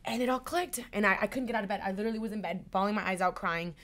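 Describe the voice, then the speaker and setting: A woman in her twenties, an actress, telling a personal story in an interview with lively, emotional delivery. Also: medium pitch, racing. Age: 20s. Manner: animated, emotional, acts out quoted voices. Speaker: actress guest.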